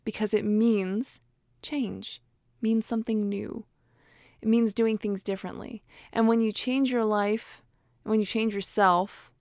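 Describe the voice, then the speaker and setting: A woman's voice: medium pitch, a little mellow, no room sound, clean studio sound. A woman giving a casual motivational talk in a chatty, encouraging way, laughing often and acting out inner voices. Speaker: motivational speaker.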